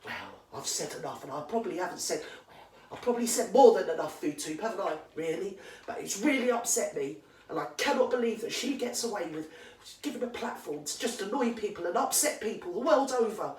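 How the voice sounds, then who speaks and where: A woman's voice: medium pitch, lively intonation, fairly quick. A middle-aged woman with an English accent, delivering an indignant, sweary comedy rant into the camera. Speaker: comedy character vlogger. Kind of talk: ranting character comedy monologue. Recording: echoey room, far from the mic.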